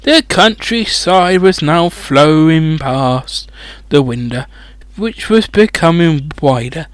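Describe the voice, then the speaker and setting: Man, high lively voice, sweary comedic audiobook reading, dry close sound. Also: slow, clear, resonant tone, dry recording. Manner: sweary, rambling, mocking asides. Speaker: audiobook reader.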